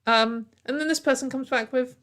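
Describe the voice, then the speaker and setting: A woman's voice: high voice, moderate pace, fairly bright tone. A woman giving sarcastic, exasperated commentary and laughing often. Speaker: online commentator. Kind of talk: ranting commentary video.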